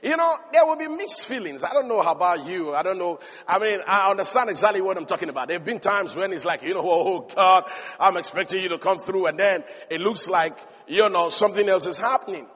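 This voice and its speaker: A male preacher with a very high voice delivers an animated sermon, building to emphatic shouts. He speaks in a large hall. A long reverb trails each phrase. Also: fast talker, few pauses, breathy edge.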